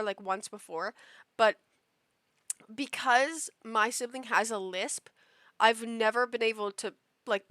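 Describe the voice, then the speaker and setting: A woman's voice: a little high, bright, forceful tone, no echo, studio quality. A young adult woman live streaming a game, chatting casually and telling a rambling story full of "like" fillers into a desk mic. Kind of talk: casual stream chat while gaming.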